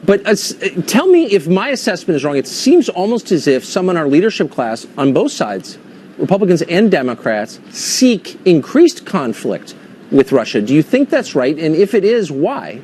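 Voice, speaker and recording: A man's voice: on the high side, sing-song, moderate pace, darkish tone, slight background noise. A man hosting a cable news interview segment, asking pointed, skeptical questions. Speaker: host.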